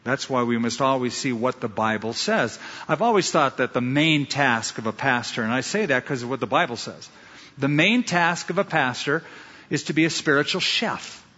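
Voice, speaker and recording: Bright-voiced male pastor in a big hall. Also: medium pitch, animated, normal speed. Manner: preacherly storytelling with emphatic repetition. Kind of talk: sermon. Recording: dull sound in a large reverberant hall.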